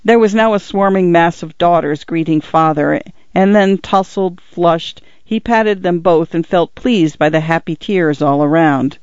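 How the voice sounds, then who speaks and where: A man's voice: a little high, measured pace, clear, resonant tone, no room sound, lo-fi sound. Man reading a literary audiobook. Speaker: audiobook narrator.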